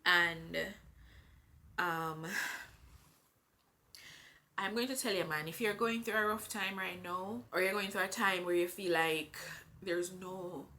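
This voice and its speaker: Slow, earnest Jamaican woman vlogger. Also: lowish voice, steady tone, sharp tone. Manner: earnest, faith-filled, unhurried. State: pregnant. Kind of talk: heartfelt personal vlog talk.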